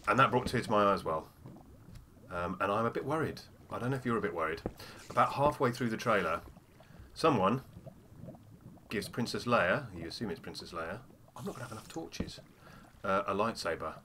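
Chatty gaming man with lively pitch. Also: brisk, a little hiss or hum. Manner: chatty, given to "oh dear" asides. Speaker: gamer. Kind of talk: casual let's-play commentary.

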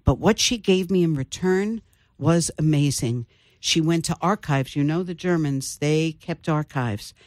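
An older woman, an author, telling her family story in an interview with thoughtful pauses. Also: sits low, darkish tone, dry recording, clean studio sound. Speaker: author guest. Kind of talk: interview conversation.

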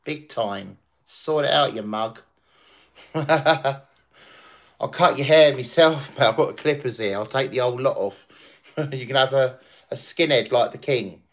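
Crude, swearing streamer. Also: male voice, mid-range voice, moderate pace. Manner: crude, swearing, boisterous and laughing. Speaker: livestream host. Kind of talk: casual livestream chat.

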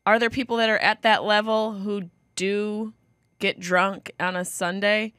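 A woman's voice: medium pitch, fairly even intonation, measured pace, a bit bright, dry recording, clean studio sound. A woman chatting as a podcast guest, playful and teasing. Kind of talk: casual chat.

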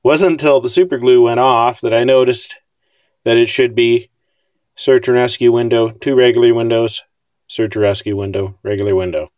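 A man's voice: medium pitch, steady tone, moderate pace, a little mellow, dry recording, clean studio sound. A man casually talking through his scale model build, wry and self-deprecating about his mistakes.

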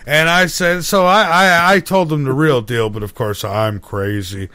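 A middle-aged man hosting a talk radio show, telling a story excitably with many restarts. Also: fairly high pitch, unhurried, no echo. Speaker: radio host. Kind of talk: casual talk radio chat.

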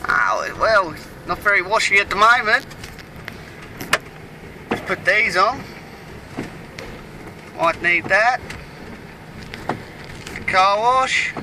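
A man's voice: high voice, expressive, slow, long pauses, noisy background. Man doing a mouthy Aussie tradie bloke. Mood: chatty. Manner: rambling, slangy, loud outbursts at other drivers. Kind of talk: comic character monologue while driving. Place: in a moving van on a road.

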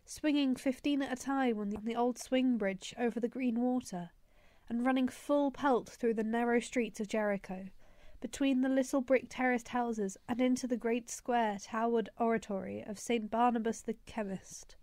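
A woman reading a novel aloud as an audiobook in a steady storytelling manner. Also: on the high side, moderate pace, no room sound. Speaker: audiobook reader. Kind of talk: audiobook narration.

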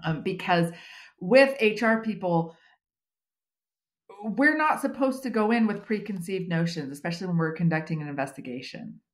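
A middle-aged woman from the United States chats as a podcast guest, joking at her own expense. Her voice sits on the low side, and her talk is relaxed and full of filler words. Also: moderate pace. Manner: humorous, self-deprecating, chatty with many fillers. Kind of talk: conversational interview.

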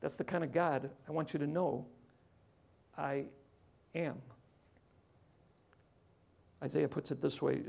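A man preaching a sermon as pastor, conversational, swinging from loud emphasis to hushed tones. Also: a little high, steady tone, unhurried, gravelly, long pauses.

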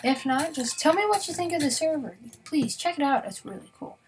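A young woman giving casual let's-play commentary in a slightly high voice, chatting straight to her viewers. She often slips into a near whisper mid-sentence. A faint hiss sits under the voice. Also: lively intonation, a little fast. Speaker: gaming YouTuber.

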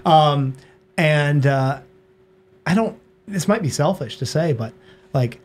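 Guy on a podcast, voice a bit on the high side, candid, says right and dude a lot. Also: lively intonation, slow pace. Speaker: podcast guest. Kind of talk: casual podcast conversation.

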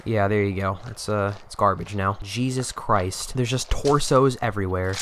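A man's voice: lowish voice, steady tone, moderate pace, fairly bright tone, slight background noise. A man giving profane, exasperated running commentary while playing a game, joking and scolding his character. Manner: jokey, talks to the game character. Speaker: gaming channel host. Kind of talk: gameplay commentary.

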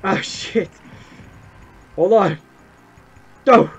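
A young man giving excited gameplay commentary, yelping and swearing as he plays. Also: sits high, very slow, husky. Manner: excitable, yelps and swears at the game. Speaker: gameplay streamer. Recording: muffled lo-fi mic with game music.

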